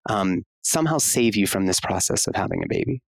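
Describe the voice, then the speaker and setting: Talking a little fast in a low, creaky, expressive voice, this US-born OB-GYN guests on a chatty podcast. He's candid and fervent, loose with filler words and occasional cursing. There's no echo on the recording.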